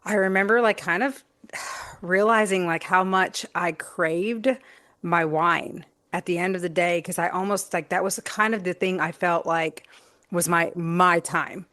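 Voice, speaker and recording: A woman guest speaks earnestly in a casual panel chat. Her voice sits low and sounds close and dry on the mic. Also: steady tone, a little slow, fairly bright tone, dry recording. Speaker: guest life coach.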